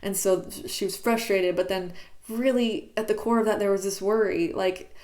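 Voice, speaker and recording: A woman's voice: medium pitch, steady tone, normal speed, a little mellow. Candid woman musing in her bedroom. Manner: candid, searching, many "like" fillers. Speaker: YouTuber. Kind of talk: reflective personal vlog. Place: bedroom at home.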